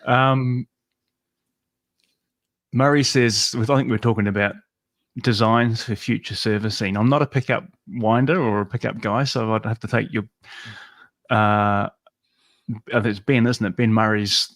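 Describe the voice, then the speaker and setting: A man's voice: on the low side, fairly even intonation, a little slow, pauses often, a bit bright, no echo. Easygoing male host on a video call. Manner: easygoing, laughs often, reads questions aloud. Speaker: host reading viewer questions. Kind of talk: casual live Q&A.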